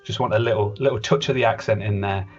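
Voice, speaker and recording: A man's voice: on the low side, fairly even intonation, fast talker, darkish tone. A man hosting a podcast, rambling through a comedy sketch as a fumbling voice director, with lots of restarts. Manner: rambling, hesitant, with many restarts. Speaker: podcast host. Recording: dull lo-fi podcast audio with faint music.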